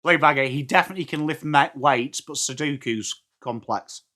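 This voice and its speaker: A man's voice: on the high side, normal speed, sharp tone. An English man hosting a live match watchalong, chatting casually and answering viewer comments while calling the play. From England. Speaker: watchalong host. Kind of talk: live stream chat.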